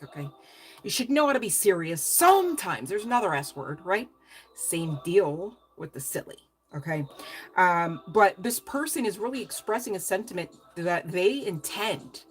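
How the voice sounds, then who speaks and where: A woman doing a casual tarot reading to camera, rambling, chatty and emotional, with some casual swearing. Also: on the low side. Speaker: tarot reader.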